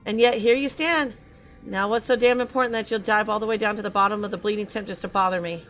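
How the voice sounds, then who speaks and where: A woman reading game dialogue aloud as a gruff, self-loathing male craftsman who grumbles and curses in a rough dialect. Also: mid-range voice, steady tone, fast talker, a bit bright, slight background noise, lightly acted. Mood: grumbling.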